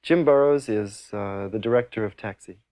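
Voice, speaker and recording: Halting man recalling his comedy career. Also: fairly low pitch, dry recording. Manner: halting, with frequent restarts and soft fillers. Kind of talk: casual reminiscence.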